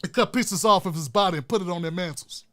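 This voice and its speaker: Fiery high-voiced man ranting on his show. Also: fast talker. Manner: fiery, profane, preacher-like repetition; swings from hushed asides to shouting. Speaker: YouTube show host. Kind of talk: impassioned vlog rant.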